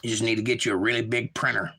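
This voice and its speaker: A man's voice: medium pitch, steady tone, racing, gravelly, bright, forceful tone, breathy edge, low-quality recording. A man with a Georgia Southern accent hosting a casual livestream, reading viewer comments aloud and answering them in a laid-back way. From Georgia, USA. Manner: laid-back, reads chat messages aloud and replies. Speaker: livestream host.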